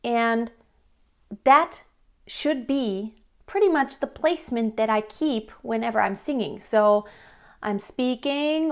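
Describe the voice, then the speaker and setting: A woman vocal coach gives a singing lesson in a high, light speaking voice. She explains each point plainly and breaks into quick sung examples to show what she means.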